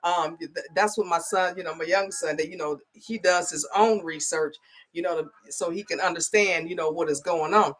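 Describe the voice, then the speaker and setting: A woman's voice: fairly low pitch, normal speed. A middle-aged woman telling a story in a casual vlog, chatty and full of "okay?" and "you know". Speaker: spiritual advisor.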